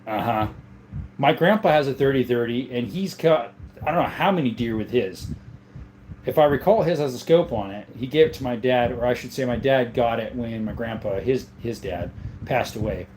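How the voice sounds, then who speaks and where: A man's voice: medium pitch, moderate pace, slight background noise. Laid-back man hosting a livestream. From Southern Arizona. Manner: relaxed, reads viewer comments aloud and answers them. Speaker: livestream host. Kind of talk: casual livestream chat.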